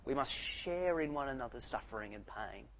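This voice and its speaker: A man preaching a sermon, swinging between soft, quiet lines and loud, animated outbursts. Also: mid-range voice, normal speed, poor audio.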